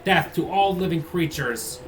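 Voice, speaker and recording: A cruel swordsman in the grip of a bloodthirsty blade, as a man puts him on, drawing out each threat low and slow. Game music plays clearly behind his lines. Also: animated. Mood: menacing. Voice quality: low, slow, gloating menace.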